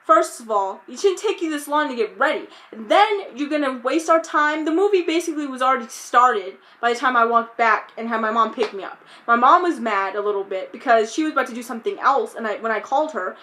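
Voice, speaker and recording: A young woman telling a storytime vlog, recounting events in an animated, exasperated way and quoting herself often. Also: fairly high pitch, a little fast, few pauses. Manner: animated, exasperated retelling with quoted self-talk. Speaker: vlogger.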